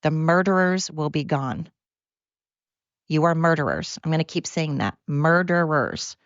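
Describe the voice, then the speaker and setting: A woman's voice: deep voice, animated, measured pace, dry recording, lo-fi sound. A woman hosting her own podcast, ranting in a heated, blunt way and swearing freely. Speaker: podcast host. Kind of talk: solo podcast rant.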